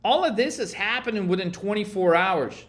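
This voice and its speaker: A brash, foul-mouthed man coaches traders through a chart lesson with a high-pitched voice. He talks in heated bursts and mocks anyone too scared to buy. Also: lively intonation, moderate pace, a bit bright. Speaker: trading coach. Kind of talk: profane motivational trading lesson.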